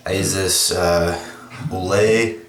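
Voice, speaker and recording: A man's voice: sits low, steady tone, takes it slowly, crowd noise. A young man vlogging casually at home, rambling with offhand, self-mocking asides. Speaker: fitness vlogger. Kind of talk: casual vlog narration. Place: home, kitchen and bathroom. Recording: home video with clear background noise.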